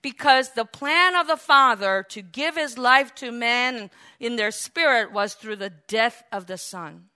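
A woman preaching a sermon in an animated way, acting out quotes and swinging between loud exclamations and quiet asides. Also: a little high, a little slow, few pauses, smooth.

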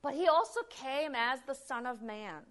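A woman preaching a sermon in an animated, emphatic way, with frequent restarts and acted-out quotes. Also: sits high, moderate pace.

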